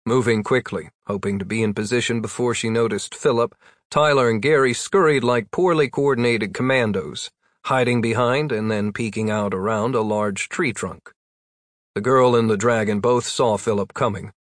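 A man narrating a story in a plain, even storytelling voice. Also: mid-range voice, normal speed, dry recording, studio quality. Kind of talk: audiobook narration.

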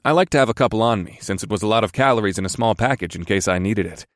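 This low-voiced man narrates a first-person fantasy audiobook with calm, sardonic pacing. There's no echo; the recording is tight, dry, and free of any room around it.

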